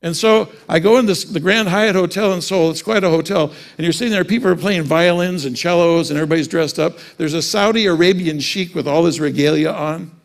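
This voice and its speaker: A man preaching a sermon, telling a personal story and then rising into fervent preaching. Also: a little high.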